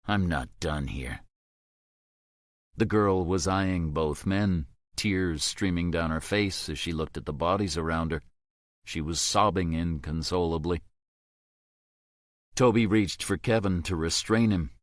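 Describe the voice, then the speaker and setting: A man reading a thriller audiobook in a measured, grave storytelling manner. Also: sits low, no room sound, studio quality. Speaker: audiobook narrator. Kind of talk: scripted narration.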